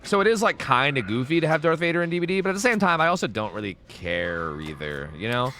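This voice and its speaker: A man's voice: medium pitch, sing-song, quick pace, pushed and bright, slight background noise. A man streaming a game live, rambling and swearing casually as he answers viewers' questions. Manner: rambling, profane, chatty, answering chat questions.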